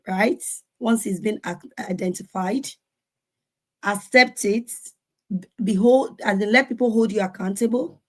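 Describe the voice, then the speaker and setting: Earnest woman telling a parenting story. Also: mid-range voice. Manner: earnest, animated, acts out quotes. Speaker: conference speaker. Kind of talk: sharing personal parenting story. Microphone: video call.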